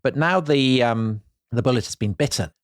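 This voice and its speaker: A man's voice: mid-range voice, normal speed, dry recording, studio quality. A man co-hosting a podcast, chiming in with wry questions and quips. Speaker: podcast co-host. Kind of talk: conversational history discussion.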